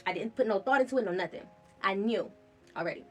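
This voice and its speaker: Brief: woman vlogger, candid first-person storytelling, frank and loose, average pitch. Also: animated, fast, fairly bright tone, soft background music. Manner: candid, casual, swears freely.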